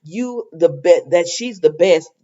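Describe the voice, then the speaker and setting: Animated woman chatting through a soap recap. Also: fairly low pitch, measured pace, dull audio. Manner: chatty, animated, laughing, retelling scenes in quoted dialogue. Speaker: soap opera recap host. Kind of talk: casual episode recap.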